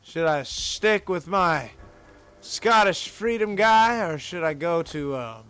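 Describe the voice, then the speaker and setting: A man's voice: sits high, lively intonation, takes it slowly, bright, forceful tone, clear, resonant tone, soft background music. A man streaming a game live, chatting and joking to his viewers in a self-mocking way. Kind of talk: live gameplay commentary.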